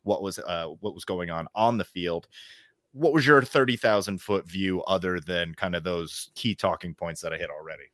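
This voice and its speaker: Low-voiced, dry-sounding podcast host. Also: male voice, moderate pace, a bit bright, no echo. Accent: American. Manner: joking, teasing banter. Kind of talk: casual sports podcast chat.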